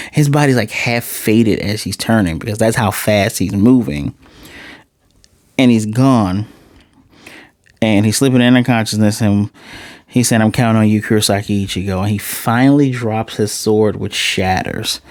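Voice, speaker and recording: A man giving a casual, animated recap of an anime episode, swearing freely and restarting his phrases as he goes. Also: fairly low pitch, no room sound, studio quality. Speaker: anime reviewer.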